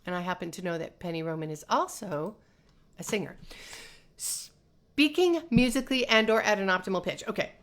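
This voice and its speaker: A North American woman voice teacher gives a chatty live-streamed lesson, reading out viewer comments in an animated, sing-song way. Her voice is mid-range and her speed is normal.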